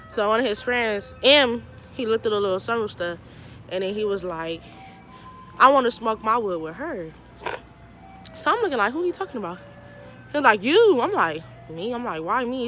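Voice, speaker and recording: A woman's voice: mid-range voice, bright, forceful tone. A young woman tells a casual storytime, animatedly acting out both sides of the dialogue. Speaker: vlogger telling a personal story.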